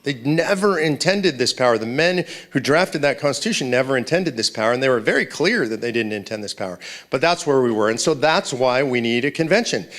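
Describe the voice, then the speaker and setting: A man's voice: mid-range voice, animated, fairly quick, a bit bright. Emphatic man lecturing students. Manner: conversational and emphatic, with rhetorical questions. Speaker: speaker at a political event. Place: university lecture hall.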